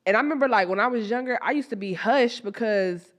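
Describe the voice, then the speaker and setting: A woman, hosting a podcast and telling stories in a blunt, profane, animated way. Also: on the high side, fast. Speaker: podcast host. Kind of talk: candid casual chat.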